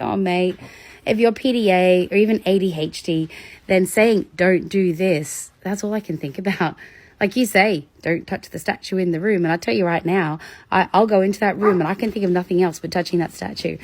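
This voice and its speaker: Animated woman explaining parenting strategies. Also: fairly quick, dry recording. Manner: animated, acts out examples with big pitch jumps and laughs. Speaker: educator on demand avoidance in children. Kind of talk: casual educational talk.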